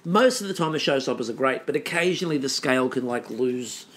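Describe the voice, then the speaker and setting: A man's voice: medium pitch, animated, quick pace, a bit bright. A man co-hosting a podcast, recapping a baking show in casual chat full of ums. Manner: rambling recap with frequent ums. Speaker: podcast co-host.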